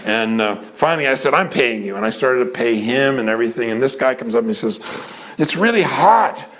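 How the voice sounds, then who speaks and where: A man's voice: mid-range voice, fast, fairly bright tone. A man who runs a community theater tells a long anecdote in a storytelling manner, acting out the other people's lines in changing voices.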